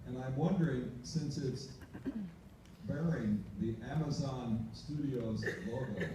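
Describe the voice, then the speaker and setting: A man's voice: mid-range voice, takes it slowly, background noise. Older man asking a question, echoey hall. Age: 70s. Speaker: audience questioner. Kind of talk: formal question. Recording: echoey hall recorded from far off.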